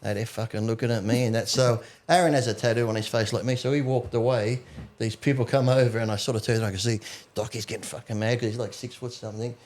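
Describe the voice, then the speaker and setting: A man talks at a quick clip in a casual podcast chat. He swears freely and acts out what other people said as he tells his stories. His voice sits at a middle pitch. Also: fairly even intonation, darkish tone. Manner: swears freely, acts out quotes while storytelling. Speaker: podcast guest.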